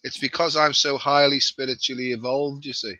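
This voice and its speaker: A man's voice: mid-range voice, level tone, fairly quick, bright, forceful tone, no echo, muffled recording. A middle-aged man from near Liverpool with a Scouse accent, chatting casually as a guest and joking at his own expense. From the Wirral, near Liverpool, England. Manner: chatty, self-mocking, laughs easily. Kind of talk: casual live-stream chat.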